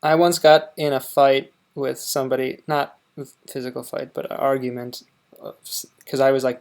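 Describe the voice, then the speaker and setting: A man's voice: medium pitch, steady tone, brisk, vocal fry, a little mellow. An American man hosting a reaction video, with casual, hesitant commentary and dry asides. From United States. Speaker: reaction channel host.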